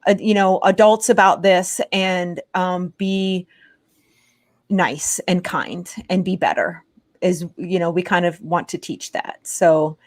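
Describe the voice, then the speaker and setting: A woman hosting a casual online panel chat over a video call, chatty and enthusiastic and quick to agree with her guests. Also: fairly low pitch. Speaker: host.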